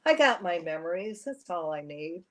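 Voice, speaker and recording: A woman's voice: fairly low pitch, sing-song, normal speed. Woman reading as a kindly, folksy old shopkeeper. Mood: gentle. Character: kindly old male shop owner.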